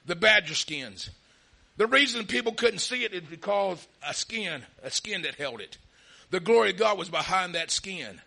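Male preacher, gravelly and very bright, fervent shouting sermon delivery. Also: high voice, expressive, moderate pace. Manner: impassioned, often shouting; calls out hallelujah and amen.

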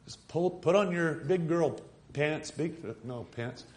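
A man preaching a sermon, retelling a story and asking his congregation rhetorical questions, moving from quiet reflection to rising, emphatic appeals. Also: a little high, slow pace.

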